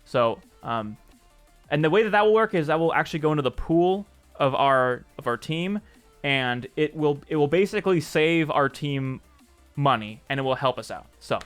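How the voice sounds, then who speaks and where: Male streamer, slightly high voice, loose and talkative, self-correcting, faint music under. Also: lively intonation, moderate pace, clear, resonant tone. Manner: chatty, answers chat by name, jokes and corrects himself. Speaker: streamer and game developer. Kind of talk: casual live-stream chat.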